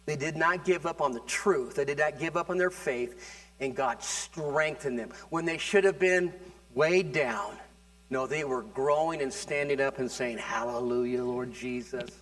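A man preaching a sermon, talking casually with restarts and building to fervent, louder passages. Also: on the high side, measured pace. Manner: conversational, with repeated words and restarts. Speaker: pastor.

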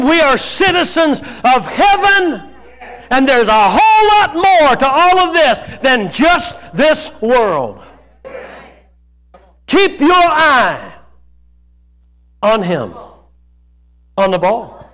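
A male pastor preaching a sermon to his church, breaking into shouts and then dropping to quieter scripture reading. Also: very high-pitched, animated, measured pace.

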